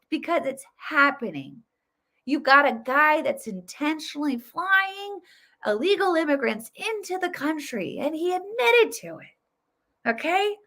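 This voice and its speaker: Her voice is high-pitched and a bit bright: a woman in her thirties hosting her own political commentary video. She speaks with emphasis in a casual way, frequently using fillers and restarting sentences.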